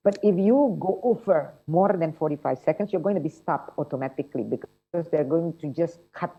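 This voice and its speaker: Woman, low voice, chatty teacher, muffled video call audio. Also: animated, fairly quick, breathy edge. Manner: chatty, encouraging, checks in with "yeah?" and "right?". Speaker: TOEFL instructor. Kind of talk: online workshop teaching.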